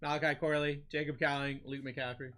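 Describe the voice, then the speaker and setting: A man's voice: a little high, fairly quick. A young man with a New England accent hosting a live card-break stream, calling out player names and chatting with viewers. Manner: lively, calls out names, chats with viewers. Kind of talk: live-stream chat while opening cards.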